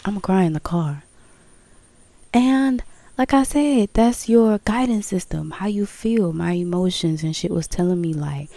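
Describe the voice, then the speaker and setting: A woman speaking slowly and candidly to her viewers about her spiritual path. Her voice is mellow and relaxed, and the sound is dry and close. She hammers points home by repeating phrases, with a swear word now and then. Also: fairly low pitch, gravelly, dry recording. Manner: candid, emphatic, repeats phrases, laughs, swears, breaks into song. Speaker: spiritual vlogger. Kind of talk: casual spiritual talk to viewers.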